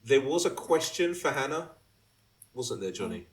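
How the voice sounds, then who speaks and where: A man's voice: mid-range voice, sing-song, moderate pace, a little hiss or hum, poor audio. A man hosting a podcast in a chatty, easygoing way. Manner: chatty, laughing easily, hesitant restarts. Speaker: podcast host. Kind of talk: casual chat.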